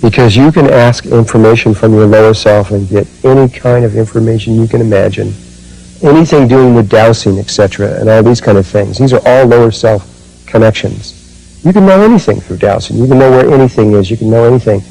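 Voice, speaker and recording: A man giving a spiritual talk and recalling his own experiences, speaking slowly and haltingly with many fillers and restarts. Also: fairly low pitch, vocal fry, dark tone, poor audio. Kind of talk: spiritual talk, personal recollection.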